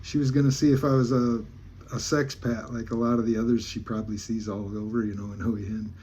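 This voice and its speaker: A man's voice: medium pitch, little pitch movement, a little fast, mellow, slight background noise. A man from Alaska, a travel vlogger, telling a rambling, folksy story in casual talk with many restarts.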